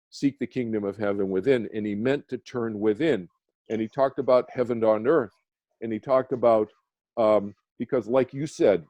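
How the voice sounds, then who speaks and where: A man's voice: medium pitch, mellow, no room sound. Earnest man telling a story over a dull line. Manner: earnest, rambling, many restarts and "you know"s. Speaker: guest, meditation teacher. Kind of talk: personal storytelling in a radio interview. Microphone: phone or video call.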